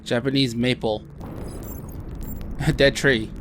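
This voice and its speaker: A man talking casually over a video game, reading out on-screen text in a middle-pitched voice and breaking off for wry comments. Faint noise sits in the background. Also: fairly even intonation, slow, a bit bright. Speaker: gameplay commentator.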